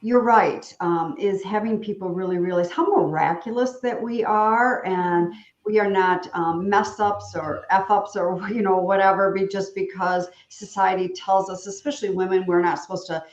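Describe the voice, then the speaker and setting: A woman hosting an interview over a video call, talking in an animated, rambling, frank way with jokes. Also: mid-range voice, moderate pace, reverberant, muffled recording. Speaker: podcast host. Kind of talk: casual interview chat.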